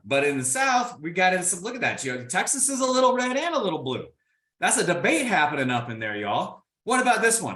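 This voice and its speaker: This motivational keynote comes from a man from Indiana who jokes around and talks right to his listeners with animated energy. His voice sits high, his pace is a little fast, and the sound is roomy.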